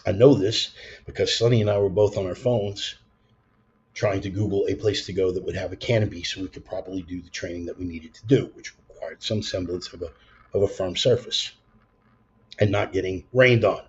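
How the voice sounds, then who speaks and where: A man's voice: low voice, steady tone, fairly quick, dull audio, slight background noise. A man giving a conversational, emphatic sermon told as a personal story. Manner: conversational, emphatic, swears in passing. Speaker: preacher.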